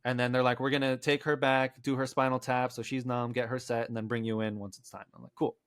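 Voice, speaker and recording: A man recounts a story to his friends in a loose, rambling way, full of "like"s, and slips into the voices of people he quotes. His pitch sits mid-range. The sound is dry and close, with no room around it. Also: little pitch movement, fast, a bit bright, smooth, no echo. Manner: rambling, acts out quotes, many "like" fillers. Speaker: podcast co-host. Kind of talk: casual storytelling among friends.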